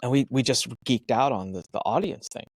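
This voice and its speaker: A man guest on a podcast, giving energetic, emphatic business advice and acting out his own thoughts in quick asides. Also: medium pitch, no echo. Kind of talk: animated advice talk.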